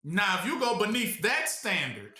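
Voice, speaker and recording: Male preacher, high bright voice, call-and-response, casual delivery, roomy echo. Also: big pitch swings, normal speed. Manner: rhetorical questions, congregation fills the blank; casual, colloquial speech. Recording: echoey room.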